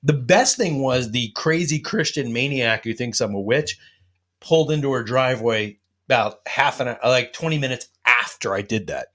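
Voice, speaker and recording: A man with a medium-pitched, fairly bright voice, speaking at a moderate pace, tells a long and expressive anecdote in casual chat. The host rambles and swears freely, acting out what people said along the way.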